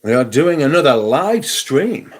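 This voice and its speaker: A man's voice: mid-range voice, sing-song, unhurried. A man hosting a casual live stream, chatting wryly and greeting viewers by name. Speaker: livestream host.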